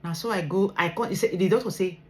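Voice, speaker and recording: A woman's voice: on the low side, quick pace. A Nigerian woman in a vlog, earnestly retelling a personal story with emotion, mixing English and pidgin. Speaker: vlogger sharing her medical story.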